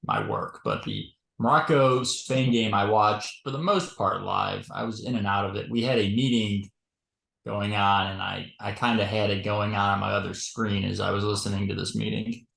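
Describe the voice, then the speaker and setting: A man's voice: lowish voice, lively intonation, normal speed, gravelly, a bit bright. A man co-hosting a podcast in casual chat, rambling through his points with many fillers. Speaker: podcast co-host. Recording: roomy echo.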